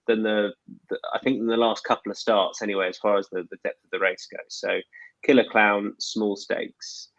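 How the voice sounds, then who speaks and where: A man hosting a casual racing betting chat, speaking in a halting, self-deprecating way with plenty of fillers. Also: lowish voice, no echo, muffled recording. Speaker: host.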